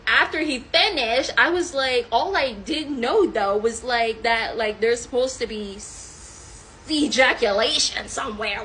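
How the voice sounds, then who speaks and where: A young woman telling a casual storytime monologue in colloquial speech, very animated and expressive, with loud outbursts and laughter. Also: sits high, a little hiss or hum. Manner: colloquial speech with many fillers.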